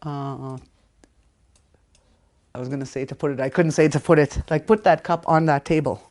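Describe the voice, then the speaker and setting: Lower-voiced woman teaching words slowly. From Canada. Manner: animated, stresses words strongly when saying them; repeats words slowly for learners. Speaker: language teacher. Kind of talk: casual spoken lesson.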